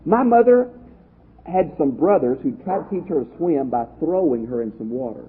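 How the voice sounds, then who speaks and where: Husky-voiced man teaching Bible study. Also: on the high side, a little fast. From Texas. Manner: lively, conversational, asks the class questions. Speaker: pastor teacher. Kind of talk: Bible study lecture to a live class. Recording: tinny lo-fi phone-like audio.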